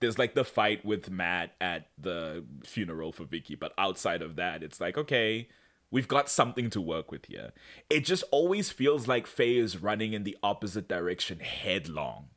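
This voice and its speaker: A man co-hosting a casual podcast, recapping a TV show, animated and laughing as he acts out characters' lines. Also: low voice, moderate pace. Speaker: podcast co-host.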